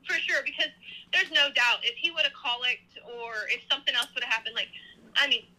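A woman's voice: sits high, a little fast, noisy background. A woman in her thirties, a podcast guest, telling a personal story in a casual, rambling way with many restarts.

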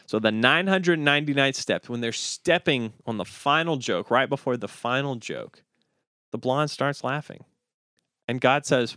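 A man hosting a podcast, telling jokes in an animated, chuckling way and often repeating himself. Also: medium pitch, a little slow, no room sound, studio quality. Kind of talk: casual joke-telling chat.

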